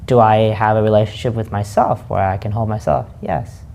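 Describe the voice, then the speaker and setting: Gravelly-voiced man musing aloud. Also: fairly low pitch, flat delivery, dark tone, slight background noise. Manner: slow, musing, questions himself aloud. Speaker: host. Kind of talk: reflective spoken monologue.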